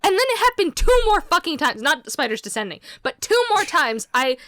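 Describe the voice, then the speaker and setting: A woman chatting on a podcast and telling a wild story with animated energy. Her voice sits a bit high and jumps all over the place, and she swears freely while acting out shouted quotes. The sound is dry and close. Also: fairly quick, no echo. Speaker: podcast co-host. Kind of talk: casual chat, storytelling.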